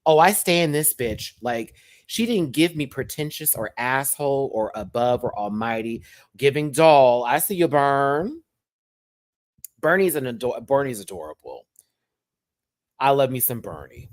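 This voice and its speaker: A man's voice: mid-range voice, lively intonation, measured pace, dry recording. A man hosting a casual reality-TV review rant at home, sassy and slang-heavy. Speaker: show reviewer and host. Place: at home, with a pet on his lap.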